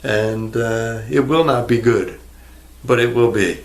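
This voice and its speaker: A man's voice: medium pitch, takes it slowly. A man ranting to the camera in a rambling, sarcastic way, swearing freely and answering an imagined viewer. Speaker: vlogger. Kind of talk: rambling casual rant to camera.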